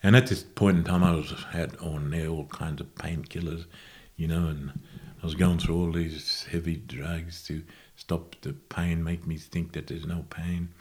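A man, a guest musician, recalling his past in a casual interview with unhurried, halting, self-correcting speech. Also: low-pitched, level tone, darkish tone. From Australia.

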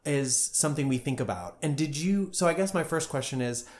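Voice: mid-range voice, animated, brisk, a little mellow. Agreeable interviewer, mid voice. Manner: agreeable, frequent short affirmations, searching phrasing. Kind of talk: casual interview chat.

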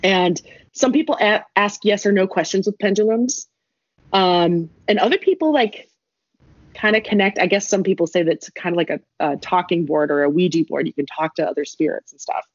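A woman's voice: fairly low pitch, a little fast, breathy edge, dry recording. A young woman telling a rambling story in casual chat, laughing and adding asides as she goes. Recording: dull lo-fi dry recording.

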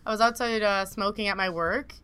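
A woman's voice: mid-range voice, fairly quick, sharp tone, smooth. A young woman co-hosting a podcast, chatting casually, swearing freely and laughing through her stories. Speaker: podcast co-host. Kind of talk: casual chat.

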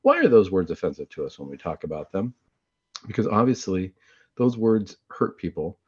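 A man hosting a Catholic talk show, chatting in a casual, conversational way and often clearing his throat. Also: low voice, animated, moderate pace. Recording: dull lo-fi recording.

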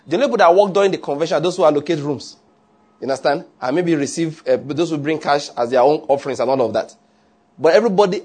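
A man preaching a sermon in an animated way, often checking with his listeners. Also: a little high, fast. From Nigeria. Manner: animated, asks the audience often.

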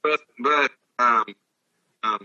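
A man's voice: mid-range voice, slow pace, sharp tone, far from the mic, highs cut off. An older man, a former ballplayer, telling rambling, profane stories in casual chat. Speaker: guest, former baseball player. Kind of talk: casual storytelling.

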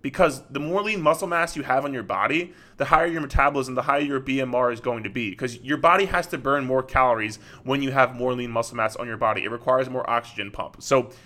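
Bright-voiced male fitness coach. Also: mid-range voice, fast talker, hardly any pauses. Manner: earnest, talks straight to the listener. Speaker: fitness coach and podcast host. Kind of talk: solo podcast monologue.

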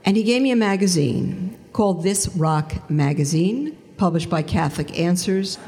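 A woman giving a lively personal testimony talk, storytelling with big swings into quoted voices. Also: fairly low pitch, moderate pace. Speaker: speaker giving a conversion testimony. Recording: long hall reverb.

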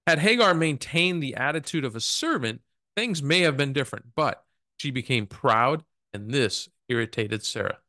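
A man's voice: mid-range voice, lively intonation, normal speed, sharp tone, dry recording. Affirming male co-host, dry sound. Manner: affirming, brief replies. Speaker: podcast co-host. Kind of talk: reading a Bible study aloud.

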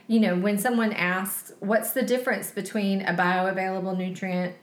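A woman's voice: mid-range voice, little pitch movement, normal speed. Chatty woman in her forties, echoey room. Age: 40s. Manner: enthusiastic, chatty. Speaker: podcast co-host. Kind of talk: casual chat.

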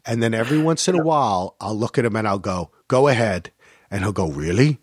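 Middle-aged guy on a podcast, really lively up-and-down voice, does high silly voices when he quotes folks, dry close sound. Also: fast talker, slightly rough, no echo. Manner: animated storytelling, jumps to high voices when quoting. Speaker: podcast co-host. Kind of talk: casual chat about a movie. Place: lives in Portland, grew up in New Jersey.

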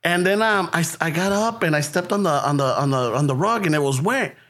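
Male, high-voiced, casual storyteller in a podcast. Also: lively intonation, fairly quick, a bit bright. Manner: profane, mixes English and Spanish, laughs through stories.

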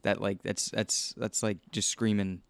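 A man's voice: fairly low pitch, flat delivery, a little slow, creaky, smooth, no echo. A man co-hosting a casual podcast. He talks loosely and often trails off mid-thought. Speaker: podcast co-host.

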